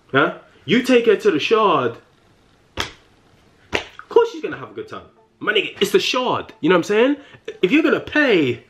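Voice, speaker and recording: A young comedy vlogger with a London accent delivers a satirical rant to camera in mock fury, repeating himself, stammering and cracking up laughing. His voice is high-pitched with a fairly bright tone.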